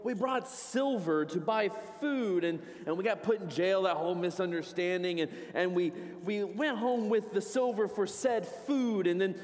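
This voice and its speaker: A man plays a nervous brother who stammers and repeats himself. His voice sits high. It echoes through a large hall. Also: normal speed, few pauses, a little mellow, lightly acted. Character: nervous older brother, eager to explain. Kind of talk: church kids' skit acting.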